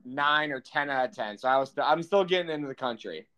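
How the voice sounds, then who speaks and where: A man's voice: medium pitch, lively intonation, quick pace, pushed and bright. A young man co-hosting a podcast, quizzing his partner in a teasing, casual way and laughing often. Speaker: podcast co-host and quizmaster. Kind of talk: casual chat.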